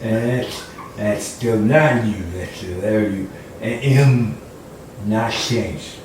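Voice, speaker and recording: A man's voice: fairly low pitch, slow, noisy background. A man doing a playful, mock-confused comedy routine, chatting with an imagined audience. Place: room at home. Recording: distant mic in an echoey room with faint ambience.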